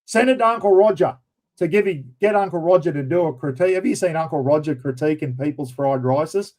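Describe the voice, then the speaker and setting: A middle-aged man with a broad Australian accent, hosting a relaxed, rambling chat. His voice sits a bit on the high side for a man. He keeps dropping in blokey slang as he talks. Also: fairly quick, rough recording. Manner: blokey, rambling, says "mate" and "bloody" often. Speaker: livestream host. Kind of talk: casual chat.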